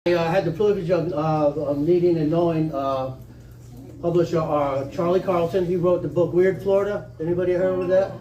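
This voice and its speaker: A man with a somewhat high, mellow voice tells chatty stories to a live audience, chuckling now and then and acting out old phone calls. He sounds distant from the mic in a reverberant conference room with faint background noise. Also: steady tone, a little fast, muffled recording. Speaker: conference speaker. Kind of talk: storytelling talk to a live audience.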